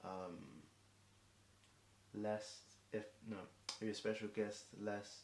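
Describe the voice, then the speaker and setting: At a slow pace, a young English streamer improvises rhymes for a marathon song, his low voice staying monotone. He keeps tripping up, restarting and umming, and sounds a bit hoarse and worn out. He's recorded in an echoey room with a faint hiss behind him.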